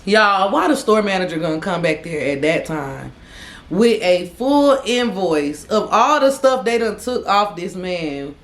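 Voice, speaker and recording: A woman's voice: mid-range voice, animated, a little slow, roomy sound. A young adult woman vlogger telling a dramatic story, acting out the quotes. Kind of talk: storytime vlog.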